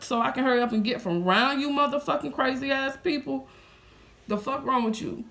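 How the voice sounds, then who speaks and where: Woman in her thirties, vlogging. Bright, fairly high voice; animated, profane, talks straight to camera. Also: brisk, vocal fry. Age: 30s. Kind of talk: casual storytelling to viewers.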